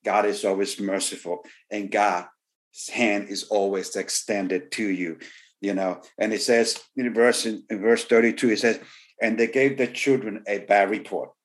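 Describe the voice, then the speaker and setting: A man's voice: on the low side, steady tone, unhurried. A man preaching a sermon, repeating key phrases for emphasis and often saying "you know.". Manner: frequent "you know" fillers. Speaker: pastor.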